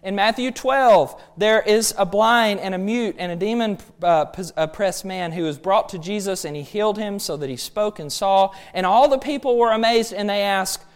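A man's voice: high-pitched, normal speed, hardly any pauses, clear, resonant tone. A man preaching a sermon, emphatic and full of rhetorical questions.

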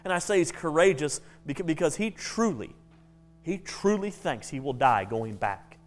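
Casual preacher, higher voice, stumbles and restarts, faint music behind. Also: male voice, lively intonation, normal speed. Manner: conversational, stammering restarts. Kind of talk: sermon.

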